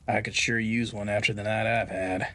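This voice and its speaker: A man's voice: lowish voice, level tone, moderate pace, bright, forceful tone. A man voicing a sly, cheerful, rugged male rancher in a spoken audio drama, with an easygoing, folksy way of talking.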